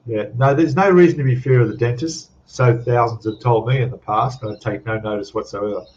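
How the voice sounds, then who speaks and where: A man's voice: mid-range voice, fairly quick, darkish tone, muffled recording, slight background noise. An older Australian man hosting a casual live stream chat, rambling and chuckling as he reads out viewer comments. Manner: rambling, chatty, laughs often, reads out chat.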